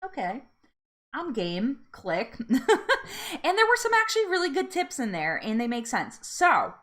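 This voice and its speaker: A woman's voice: high-pitched, wildly swooping pitch, a little slow, a bit bright. A woman hosting a live weight loss support chat, chatting casually, laughing often and reading out viewer comments.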